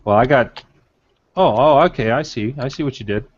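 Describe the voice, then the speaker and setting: A man's voice: mid-range voice, normal speed, breathy edge, dull audio. A man co-hosting a live webinar, casual and hesitant, with many fillers as he reads out winners. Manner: hesitant, many fillers while reading names. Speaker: webinar co-host.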